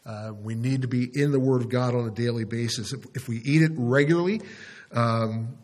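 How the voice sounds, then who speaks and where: A man's voice: mid-range voice, normal speed, darkish tone. A man leading a Bible study sermon, speaking plainly and earnestly, with frequent fillers and restarts. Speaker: pastor.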